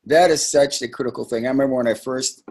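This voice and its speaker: A man's voice: medium pitch, fairly even intonation, quick pace, background noise. A man hosting a live sales training call for his team, talking in a conversational, emphatic way with frequent asides.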